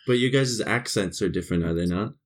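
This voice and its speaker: Rambling man who laughs often. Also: mid-range voice. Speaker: podcast co-host. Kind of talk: casual chat.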